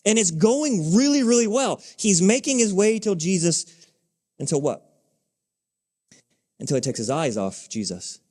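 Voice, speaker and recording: A man preaching from the pulpit of a church, and his fairly high voice rings out with a long reverb tail across the sanctuary. He tells the story conversationally and often stops to ask the congregation rhetorical questions. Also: sing-song, a little slow, long pauses, darkish tone. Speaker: pastor. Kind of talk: sermon.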